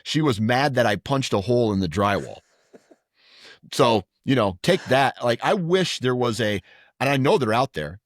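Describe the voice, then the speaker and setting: A man's voice: medium pitch, animated, moderate pace, dry recording, clean studio sound. A middle-aged man co-hosting a podcast, telling stories in casual chat with many restarts. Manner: rambling storyteller with restarts. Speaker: podcast co-host.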